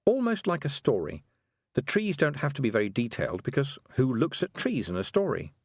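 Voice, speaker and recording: A man voicing a thoughtful, sharp-minded young girl who muses slowly. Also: mid-range voice, big pitch swings, slightly rough, dry recording, studio quality. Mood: musing. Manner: musing, slow.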